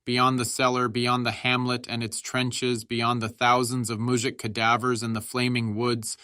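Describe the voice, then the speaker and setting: A man narrating an audiobook in a measured, steady reading style. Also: medium pitch, clear, resonant tone, no echo, studio quality.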